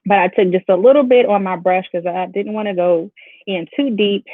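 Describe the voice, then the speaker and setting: A beauty vlogger from Chicago, United States, chats casually with viewers during a live makeup tutorial, talking straight to them as "y'all." Her mid-range voice is steady and brisk, and the dry recording has a tinny, phone-like sound.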